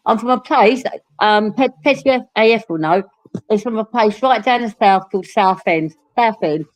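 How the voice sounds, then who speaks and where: A woman's voice: mid-range voice, normal speed. Woman, Essex accent, chatty, laughs a lot, casual swearing, remote call. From England. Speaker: panel guest. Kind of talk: casual livestream chat.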